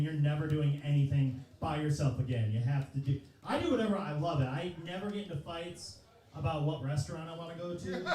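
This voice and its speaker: A man's voice: a little high, very echoey, distant mic, background noise. A man in his thirties doing a loose, profane, self-mocking stand-up comedy set in a comedy club. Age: 30s. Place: comedy club stage, live audience.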